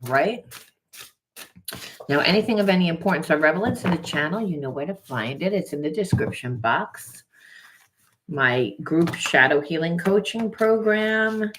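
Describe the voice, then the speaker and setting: Woman, low voice, tarot reading, earnest conversational tone, repeats phrases. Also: slight background noise. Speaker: spiritual coach and tarot reader. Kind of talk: casual tarot reading monologue.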